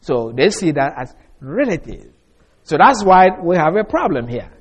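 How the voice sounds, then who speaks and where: Male preacher, slightly raised pitch, emphatic, swings loud to soft, verse-by-verse teaching. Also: very animated, normal speed, breathy edge. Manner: repeats and restarts phrases.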